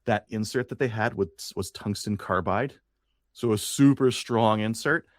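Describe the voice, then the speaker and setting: A man's voice: lowish voice, a little slow, no echo, clean studio sound. A man co-hosting a podcast, chatting casually and rambling with fillers and restarts, from Canada. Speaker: podcast co-host. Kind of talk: casual chat.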